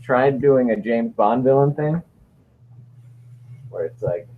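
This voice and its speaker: A man's voice: mid-range voice, lively intonation, slow, phone-quality sound, a little hiss or hum. A man co-hosting a casual livestream, rambling and joking as he reads viewer questions. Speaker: livestream co-host.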